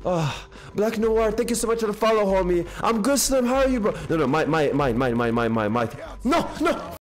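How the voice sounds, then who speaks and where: A young man streaming a video game live, chatting excitably in slang with his viewers. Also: sits high, fairly quick. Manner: excitable slangy banter with chat.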